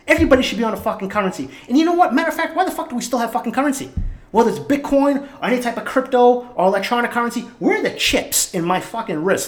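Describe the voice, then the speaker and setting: Man in his forties, podcast host, worked-up profane monologue, pitched a bit high. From Boston, Massachusetts. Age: 40s. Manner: heated, swearing, worked up.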